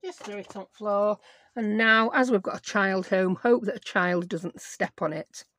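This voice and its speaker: A woman's voice: mid-range voice, normal speed, fairly bright tone. A middle-aged woman, hosting a chatty crafting tutorial and rambling to herself as she works. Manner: rambling, self-mocking, talks to herself while working. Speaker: craft channel host.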